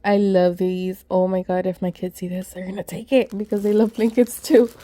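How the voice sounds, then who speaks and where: A woman vlogger chatting excitedly as she unboxes gift mail, calling out to her viewers often. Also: mid-range voice, normal speed. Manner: excitable, says "guys" constantly. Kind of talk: casual unboxing chat.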